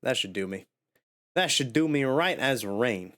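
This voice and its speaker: A male game streamer talking in a loose, playful way, with a lively voice that swings widely in pitch. He carries a slight cough while he narrates his moves. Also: unhurried. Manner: chatty, playful self-talk. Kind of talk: casual live gameplay chat.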